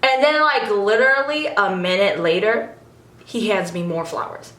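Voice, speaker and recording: A young woman chatting excitedly to her viewers in a storytime vlog, animated and giggly with lots of fillers. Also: mid-range voice, moderate pace, roomy sound. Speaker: vlogger.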